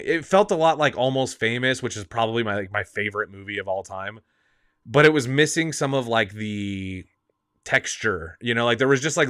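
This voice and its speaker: A man's voice: medium pitch, a bit bright, no echo, studio quality. A male host chatting casually about films, rambling, restarting his thoughts and laughing often. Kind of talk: casual movie talk.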